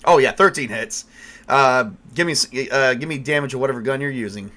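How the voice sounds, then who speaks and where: A man narrating as game master with lively storytelling. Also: mid-range voice, fairly quick.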